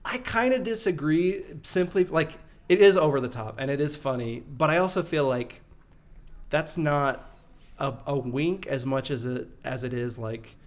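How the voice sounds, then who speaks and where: A man co-hosting a podcast, talking casually and animatedly about a film, quick to laugh. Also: a little high. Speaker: podcast co-host.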